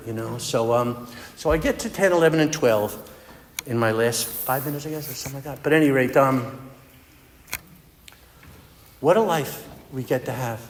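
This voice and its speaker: A man's voice: mid-range voice, a little hiss or hum. A man giving a personal recovery talk at a meeting, telling his story in an earnest, conversational way. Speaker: AA speaker. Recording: echoey hall with long reverb.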